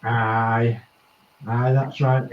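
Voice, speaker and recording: A man's voice: mid-range voice, flat delivery, extremely slow, recorded from a distance, dull audio. Chatty man, roomy sound. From East Yorkshire, England. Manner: chatty, rambling with many fillers. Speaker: host. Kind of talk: casual chat.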